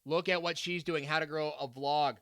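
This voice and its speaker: A man with a bright, clear voice hosts a live Q&A stream, reading viewer comments aloud. He talks in an upbeat, chatty way, full of fillers and playful asides. The sound is dry and close. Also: on the high side, fairly even intonation, normal speed, no room sound.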